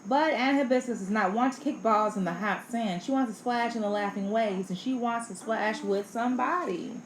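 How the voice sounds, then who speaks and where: A woman reading a children's picture book aloud in an expressive, playful way. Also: on the high side, moderate pace. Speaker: storybook reader. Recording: echoey room, faint background noise.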